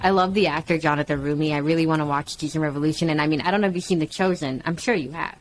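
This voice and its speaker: A woman with a somewhat low voice hosts a casual faith podcast interview. She talks in an effusive way and agrees and laughs readily. A faint hiss of noise sits under her voice. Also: racing, rough recording. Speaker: podcast host.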